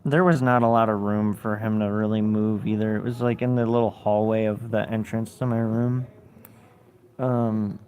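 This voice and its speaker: A man's voice: on the low side, little pitch movement, normal speed, a little mellow, smooth. A man livestreaming, telling a story in casual chat and reading viewer comments, blunt and swearing a lot. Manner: blunt, heavy swearing, rambling.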